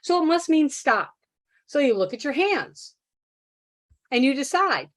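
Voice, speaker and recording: At a measured pace and in a high-pitched voice, a middle-aged woman who teaches deaf children presents at a workshop, recounting a classroom episode with animated, acted-out quotes.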